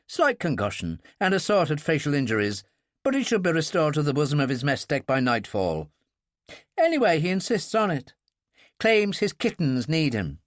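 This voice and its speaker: Guy doing a jolly blunt navy doctor, kinda high, bouncy delivery, dry close sound. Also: dry recording. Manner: hearty, animated, fond of telling stories. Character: blunt jovial older male ship's doctor.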